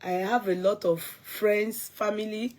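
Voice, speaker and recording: A woman's voice: medium pitch, steady tone, unhurried, noisy background. A woman from Gambia, chatting casually to viewers on a live stream and greeting them by name.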